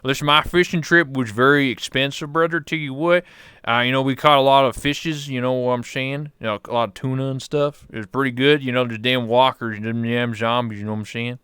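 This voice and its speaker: A man voicing a loud, boisterous hillbilly man with a put-on Southern drawl who keeps calling everyone brother. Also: medium pitch, fairly even intonation, a little fast, smooth, dry recording, studio quality, close to an everyday voice. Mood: boastful. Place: VR chat room.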